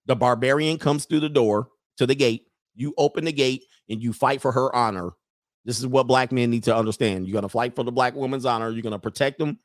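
A man hosting a livestream, ranting to his viewers in a casual, animated way and laughing often. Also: mid-range voice, a little fast, no echo, studio quality. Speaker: livestream host.

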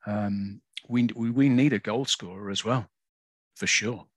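A man's voice: on the low side, measured pace, no echo. A man, a podcast guest talking hesitantly in casual chat with many restarts. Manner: hesitant, self-aware, restarts often.

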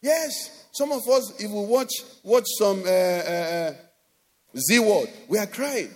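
A man with a Nigerian accent preaching a sermon as pastor, animated, acting out quoted voices and often asking "do you understand?". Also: high-pitched, slow. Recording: long hall reverb.

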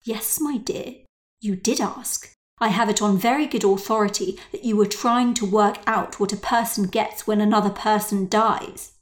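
A woman's voice: mid-range voice, normal speed, natural voice. A woman voicing a sly, cold mother whose words sound sweet but hollow. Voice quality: sticky, sly, falsely sweet.

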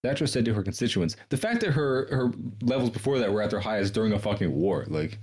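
Fast-talking husky man reading history. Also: fairly low pitch, animated, darkish tone. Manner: profane, sarcastic, reads quotes then riffs. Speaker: podcast co-host. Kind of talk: casual chat, reading history aloud.

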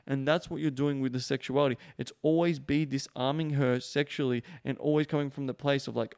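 A man's voice: mid-range voice, steady tone, fast, creaky, few pauses, no room sound, studio quality. A man giving a casual coaching monologue as a dating coach, heavily profane, rambling and emphatic.

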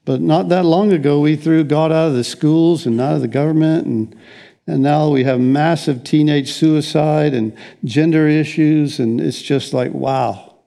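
A man's voice: on the high side, unhurried, gravelly, dark tone. An older man preaching a conversational sermon as pastor, rambling along with frequent restarts and wry asides.

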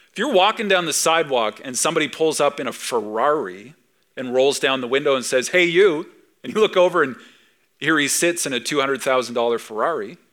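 A middle-aged male pastor preaching with a bright, forceful voice that sits a little high for a man. He talks conversationally, leaning on rhetorical questions. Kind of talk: sermon.

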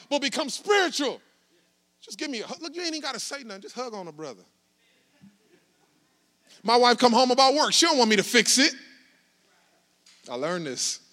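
A man preaching a sermon as pastor, shifting from quiet, casual asides to loud, rising shouts. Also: very high voice.

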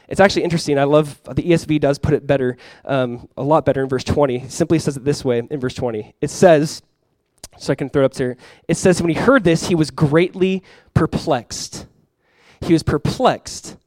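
A man's voice: a little high, a little mellow, no room sound, low-quality recording. A male pastor preaching a sermon, telling a story conversationally and now and then rising into sudden emphasis.

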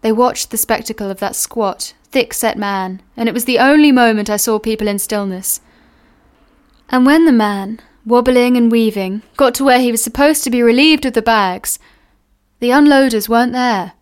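Smooth-voiced woman reading a novel aloud. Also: a little high, normal speed. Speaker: reader.

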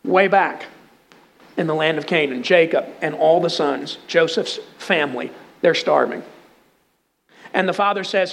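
Texan male pastor, middle-aged, high-pitched voice, easygoing storytelling sermon. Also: measured pace, vocal fry, long pauses. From Texas. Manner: conversational storytelling with humor.

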